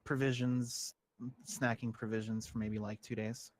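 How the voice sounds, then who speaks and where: A man's voice: fairly low pitch, level tone, unhurried, a little mellow. A man playing a tabletop game in an easygoing, stumbling way, speaking his character's lines in his own voice. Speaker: player.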